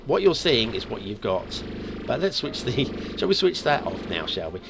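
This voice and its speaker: A man's voice: medium pitch, very animated, normal speed, vocal fry. A man from the UK hosting a map review show, chatting playfully with asides as he looks around. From United Kingdom. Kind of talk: casual game commentary. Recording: faint music behind.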